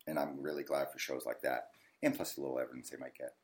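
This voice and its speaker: A man, a ghost hunter guest telling stories in a casual interview, animated and lively. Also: a bass voice, fast talker. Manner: animated storyteller, acts out yelling at the TV.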